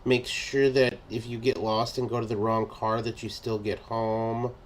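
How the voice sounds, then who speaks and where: A man's voice: fairly low pitch, little pitch movement, measured pace, slight background noise. A man in a casual podcast chat, making dry wisecracks.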